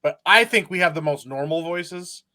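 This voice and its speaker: A man's voice: on the high side, normal speed, sharp tone. A man from Michigan with a Michigan accent, joking and teasing in a casual stream chat. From Michigan, USA.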